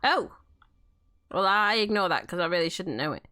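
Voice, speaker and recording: A woman's voice: lowish voice, lively intonation, normal speed, bright, forceful tone. A woman chatting casually while playing a game, telling stories and laughing often. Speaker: game streamer. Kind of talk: casual gameplay chat.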